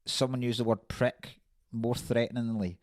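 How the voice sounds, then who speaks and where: A man's voice: medium pitch, flat delivery, normal speed, darkish tone, dry recording. A man co-hosting a casual film podcast, animatedly acting out movie quotes with laughter. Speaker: podcast co-host.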